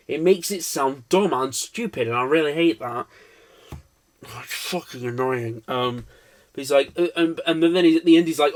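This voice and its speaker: A man's voice: on the high side, normal speed. A man giving an unscripted film review, rambling, swearing and cutting himself off mid-thought. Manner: rambling, profane, self-interrupting.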